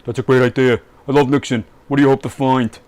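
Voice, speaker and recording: Man doing a brash bragging tycoon, louder than his own talk, loose impression. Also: medium pitch, fairly even intonation, fast talker, natural voice. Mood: eager. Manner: boastful, self-admitted crappy impression. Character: boastful brash male American tycoon-politician.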